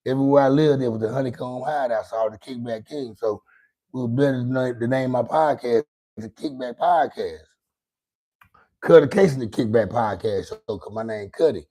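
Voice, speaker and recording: A man's voice: medium pitch, warm tone. A middle-aged man hosting his own podcast, rambling casually and profanely and taunting a viewer in the chat. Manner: rambling, profane, taunting and singsong toward a chatter. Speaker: podcast host. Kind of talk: casual livestream talk answering chat.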